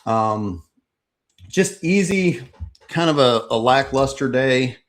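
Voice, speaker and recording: A man hosting a live trading stream, walking through charts in a relaxed, rambling way with frequent ums. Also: medium pitch, slow pace. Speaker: trading channel host. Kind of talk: casual live market recap.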